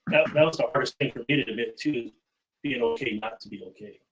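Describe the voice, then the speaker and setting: A man's voice: medium pitch, fast talker, low-quality recording. A man speaking as a guest in a casual podcast chat, easygoing and plainspoken with light humor.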